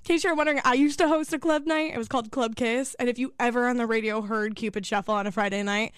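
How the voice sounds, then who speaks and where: A woman's voice: a little high, steady tone, fast talker, clean tone, dry recording, clean studio sound. A woman co-hosting a casual podcast, teasing and laughing often. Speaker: co-host.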